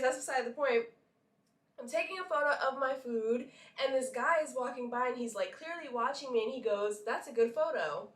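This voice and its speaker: A woman's voice: on the high side, a bit bright. A young woman from Brooklyn, chatting to camera as a vlogger and telling a story full of likes and asides. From Brooklyn, New York. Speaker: model and vlogger. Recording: echoey room, a bit far from the mic.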